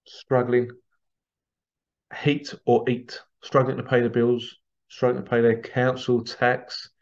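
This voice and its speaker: A man's voice: mid-range voice, completely flat delivery, slow pace, lo-fi sound. A man hosting a podcast, talking earnestly in a rambling, repetitive monologue. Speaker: podcast host. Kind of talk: casual monologue.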